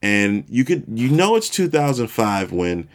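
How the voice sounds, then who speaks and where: A man in his forties hosting a podcast, telling a story in a relaxed, self-deprecating way. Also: medium pitch, unhurried. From Chicago, USA. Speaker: podcast host. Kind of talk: casual storytelling monologue.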